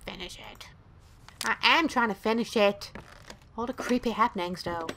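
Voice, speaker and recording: A woman's voice: medium pitch, normal speed, fairly bright tone, a little hiss or hum. Giggly, foul-mouthed woman gaming. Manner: profane, giggly and blunt. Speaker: let's play host. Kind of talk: casual gameplay commentary.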